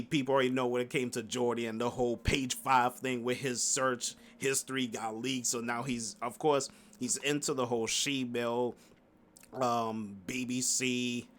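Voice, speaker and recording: A commentary YouTuber with a mid-range, fairly bright voice recaps a livestream in a loose, slangy way. He laughs often and rambles, full of fillers and restarts.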